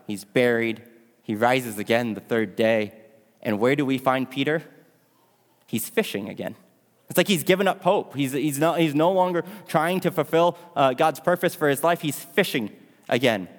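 A man's voice: medium pitch, moderate pace. A male pastor telling a story in a sermon, asking his audience questions along the way. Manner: dramatic, asks the audience questions. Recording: long hall reverb.

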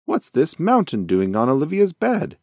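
A man's voice: fairly high pitch, wildly swooping pitch, normal speed, a little mellow, no echo, clean studio sound, pitched above the performer's own voice. A man voicing a curious, clever young female mouse in a bedtime story, in a lifted, eager voice.

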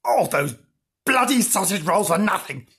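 A man performs a pompous Parisian bookseller who looks down on everyone, in a storybook reading. The voice sits a little high and a touch husky, and every line drips with affected snobbery. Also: big pitch swings, moderate pace, a bit bright, heavily acted. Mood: fuming. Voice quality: haughty, affected.

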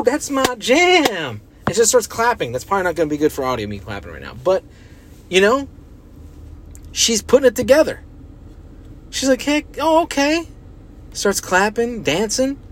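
A man's voice: high voice, a little hiss or hum. A young man, a podcast host, talking casually on his own, rambling and swearing with lots of filler words. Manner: rambling, profane, heavy use of filler words. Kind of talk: casual solo podcast chat.

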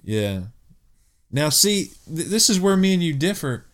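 A man's voice: on the high side, very animated, unhurried. Chill dude cohost, slangy, egging his buddy on. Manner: laid-back, slangy, eggs his partner on. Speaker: podcast co-host. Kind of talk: casual comedic banter.

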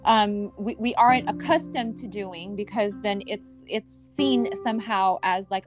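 A woman's voice: medium pitch, moderate pace, hardly any pauses, music in the background. A woman podcast host and healing coach in casual conversation, rambling and searching for words with lots of fillers, laughing easily.

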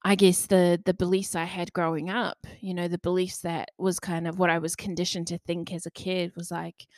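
A woman's voice: lowish voice, flat delivery, normal speed, darkish tone, dry recording, studio quality. A young woman talking candidly in a loose, chatty way, full of fillers and the odd swear word. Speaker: podcaster. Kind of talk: candid personal monologue.

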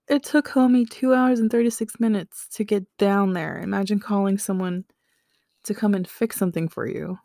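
A woman's voice: mid-range voice, creaky, a little mellow, no echo, clean studio sound. A woman hosting a casual solo podcast, explaining facts with slangy asides and joking reactions. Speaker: podcast host.

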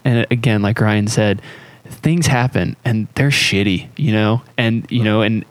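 A man's voice: fairly low pitch, a little slow, no echo. American guy hosting a podcast, earnest, lots of "you know", dry close sound. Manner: earnest and reflective, filler-heavy. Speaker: podcast host. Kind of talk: casual podcast chat.

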